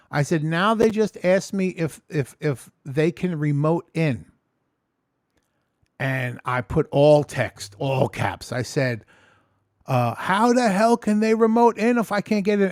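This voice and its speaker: Animated high-voiced man ranting in a vlog. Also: no room sound, studio quality. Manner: animated, profane, ranting storyteller. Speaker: vlogger. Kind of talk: casual storytelling vlog.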